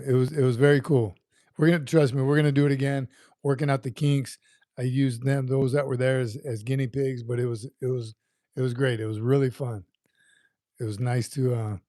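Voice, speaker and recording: A man's voice: mid-range voice, dark tone, no echo, studio quality. A man in his fifties hosting a casual livestream, chatting loosely and reading out viewer comments while often repeating his words. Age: 50s. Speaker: livestream host.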